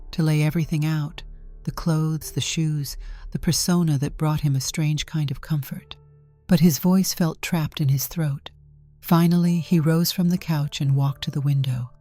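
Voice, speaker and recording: A woman narrating a story in a calm, measured way from a script. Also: low voice. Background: faint music.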